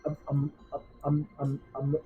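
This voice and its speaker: A man's voice: fairly high pitch, completely flat delivery, slow pace, phone-quality sound, faint music behind. A man narrating as game master for a tabletop game, rambling with many ums and restarts.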